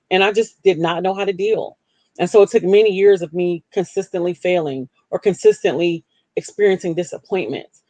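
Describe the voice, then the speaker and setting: A woman talks candidly as host of a live broadcast, earnest and self-deprecating. Her voice sits in a middle pitch range. The sound is dry and close, with no room echo. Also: darkish tone. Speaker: livestream host.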